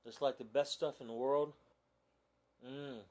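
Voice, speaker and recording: Slow, rambling man on a live video. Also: medium pitch, fairly even intonation, a little mellow. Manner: rambling, easygoing, many fillers. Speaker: vlogger. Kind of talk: casual live video chat. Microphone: phone camera propped nearby.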